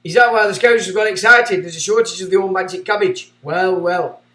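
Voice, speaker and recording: A man's voice: high-pitched, a little fast, far from the mic. A man hosting a livestream, ranting sarcastically and reading out chat messages. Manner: ranting, sarcastic, swinging between loud and muttered. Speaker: livestream host. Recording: echoey room.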